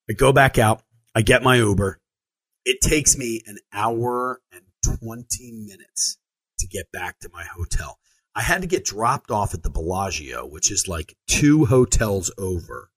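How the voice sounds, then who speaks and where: Husky man telling a story casually. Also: lowish voice. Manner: animated, acts out quoted lines, frequent fillers and restarts. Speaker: storyteller recounting a trip.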